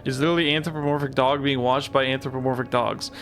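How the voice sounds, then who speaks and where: A man's voice: mid-range voice, steady tone, quick pace, fairly bright tone. Young guy streamer goofing off, laughs and swears a lot, faint music under. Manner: goofy, joking, swears, laughs often. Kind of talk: casual game stream commentary.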